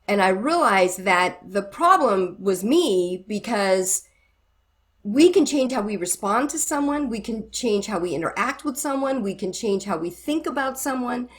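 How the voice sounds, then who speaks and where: A middle-aged woman with a medium-pitched voice is a guest who ministers to married couples. In a conversational interview she tells stories in an animated way, acting out the conversations she quotes.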